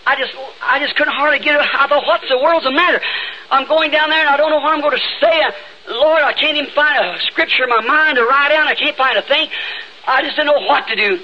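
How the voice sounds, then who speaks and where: A man with a Southern accent preaching an old-time revival sermon, fervent and breaking into sudden shouts, recorded in a church. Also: very high voice, a little fast. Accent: Southern United States. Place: church sanctuary. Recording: dull lo-fi 1960s tape with faint hiss.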